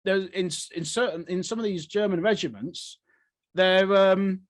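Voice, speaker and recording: A man's voice: sits high, normal speed, dry recording. A man co-hosting a casual history podcast, rambling, laughing often and acting out quotes. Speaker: podcast co-host.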